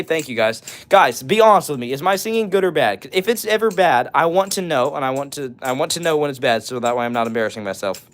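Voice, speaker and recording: A young man hosting a casual livestream, reading chat comments aloud and breaking into short bits of songs. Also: mid-range voice. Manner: laid-back, answers chat and breaks into short song bits. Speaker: livestream host.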